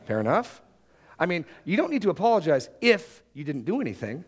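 A man's voice: a little high, big pitch swings, fast talker. A married man preaching a sermon, acting out the prayers and excuses he quotes. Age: adult, married. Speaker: pastor.

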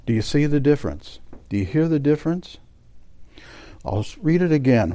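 A man with a mellow, darker tone leads a Bible study class. He explains the text patiently, reads passages aloud, and turns to his listeners with questions. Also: on the high side, animated, normal speed, pauses often. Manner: explanatory, quoting sources aloud, addressing the class directly. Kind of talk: Bible study lecture with read quotations.

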